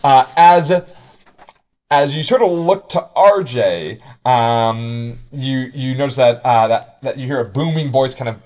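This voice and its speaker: A man's voice: mid-range voice, unhurried, darkish tone. A man narrating a tabletop game as game master, rambling with many fillers.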